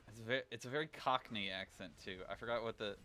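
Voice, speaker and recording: A man chatting casually as a game streamer on a livestream, rambling and thinking out loud. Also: on the low side, fast, a little hiss or hum. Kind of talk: casual livestream chat while gaming.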